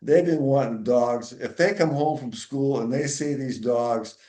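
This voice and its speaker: A man's voice: medium pitch, unhurried, warm tone, lightly acted. Man playing a flustered, polite father. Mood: strained. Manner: patient, strained politeness. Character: flustered father trying to stay calm. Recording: roomy echo.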